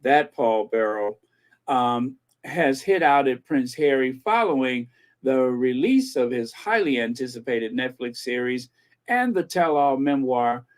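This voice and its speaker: A man's voice: mid-range voice, lively intonation. A man hosting a commentary channel in casual chat, laughing and repeating himself as he rambles. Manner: chatty, slow, laughs between words, repeats himself.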